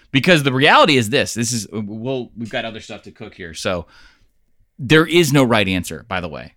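A man's voice: mid-range voice, expressive, fairly quick, sharp tone, dry recording, clean studio sound. A man co-hosting a casual sports talk show, blunt and opinionated, swearing freely as he argues his point. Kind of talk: casual sports podcast debate.

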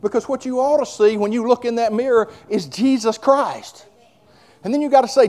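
A man's voice: very high-pitched, fast, a little mellow. A male preacher delivering a fervent sermon, moving between conversational asides and hollered declarations.

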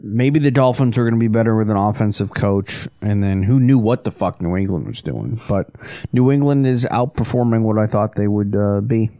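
A man co-hosting a sports podcast, talking in an offhand, halting way. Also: on the low side, expressive, warm tone, dry recording. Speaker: podcast co-host. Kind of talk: casual sports podcast talk.

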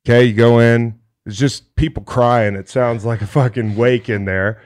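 A man co-hosting a sports podcast, telling a profane comic story with quick character voices in a casual chat. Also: medium pitch, steady tone, darkish tone. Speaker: podcast co-host.

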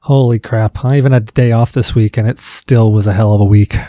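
A man's voice: on the low side, fairly even intonation, brisk, warm tone, no echo. A man hosting a casual podcast, joking and rambling between topics. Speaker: podcast host. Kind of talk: casual chat.

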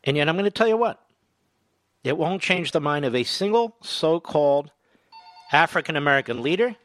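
A man with a high, bright, forceful voice hosts a political talk radio show. He speaks into a dry, close studio mic and stays indignant throughout. He keeps hammering his points home by repeating them. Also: animated, normal speed, no room sound. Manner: emphatic, indignant, repeats phrases for stress.

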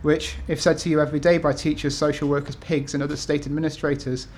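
Hesitant man in his thirties, slightly high voice. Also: flat delivery, quick pace, a little mellow. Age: 30s. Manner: hesitant, many ums and restarts. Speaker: author reading at a talk. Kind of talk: casual talk then reading aloud from his essays. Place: event room with an audience.

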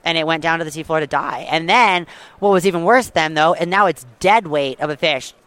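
A woman guest telling a long story with lively excitement, full of fillers and quick restarts. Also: low voice, clear, resonant tone, no echo. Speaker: guest hunter. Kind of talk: animated storytelling.

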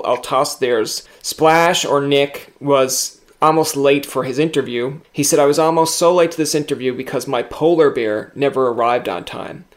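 A young man hosts a casual interview. He talks in a chatty, lively way and slips into playful quoted voices as he tells stories. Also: medium pitch. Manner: chatty, animated storyteller, acts out quoted voices. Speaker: podcast host.

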